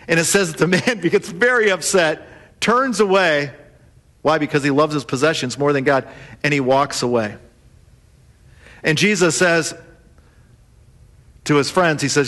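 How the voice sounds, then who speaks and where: Male pastor with a high voice. Lively sermon delivery, acts out the quoted voices. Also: moderate pace.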